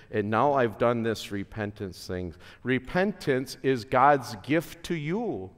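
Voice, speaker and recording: A male pastor giving a chapel sermon at a school, speaking slowly and earnestly with relaxed conversational asides. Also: mid-range voice. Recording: long hall reverb.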